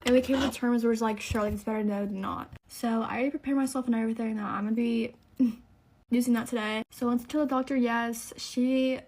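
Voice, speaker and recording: Young woman vlogger, rapid chatty storytime delivery, fairly high voice, dramatic retelling. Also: fairly even intonation, a little mellow. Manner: chatty, dramatic, lots of "like" fillers. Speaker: beauty vlogger. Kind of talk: storytime vlog while getting ready.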